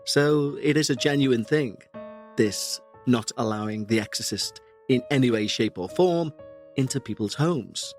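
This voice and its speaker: A man with a Scouse accent, a podcast host reading out a listener's story and then commenting on it in an earnest, measured way, his throat still sore. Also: mid-range voice, faint music behind.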